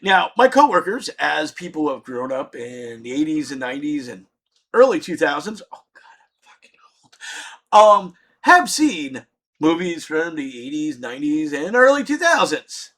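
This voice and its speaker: A middle-aged man telling a comedic story with lots of swearing, shouting out his punchlines. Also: on the high side, big pitch swings, normal speed.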